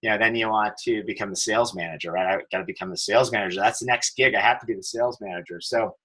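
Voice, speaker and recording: A man's voice: on the low side, very fast, sharp tone, slightly rough, low-quality recording. A middle-aged man, a telecom executive, telling stories as a podcast guest, with many fillers and restarts. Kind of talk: casual interview storytelling.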